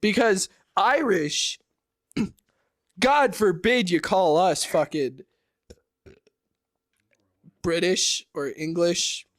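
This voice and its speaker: A man's voice: high-pitched, extremely slow, pauses often, fairly bright tone, dry recording, clean studio sound. A man co-hosting a podcast in casual chat, joking and laughing often. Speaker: podcast co-host.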